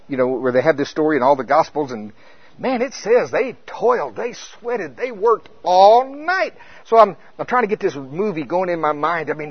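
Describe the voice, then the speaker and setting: A male preacher, preaching an animated sermon and laughing often. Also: high-pitched, slightly rough, dry recording, muffled recording.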